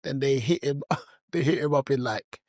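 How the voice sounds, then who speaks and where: A man's voice: medium pitch, normal speed, no room sound, studio quality. A man, co-hosting a podcast, telling stories casually with lots of slang and laughter. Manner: animated, laughs often, heavy slang. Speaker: podcast co-host. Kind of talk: casual storytelling chat.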